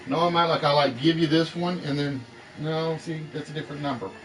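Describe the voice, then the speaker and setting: A man's voice: a little high, fairly even intonation, a little fast, a bit bright. A man hosting an online game show, chatting casually with viewers and often correcting himself as he talks. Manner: rambling, self-correcting, talking to chat. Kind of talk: casual live-stream chat.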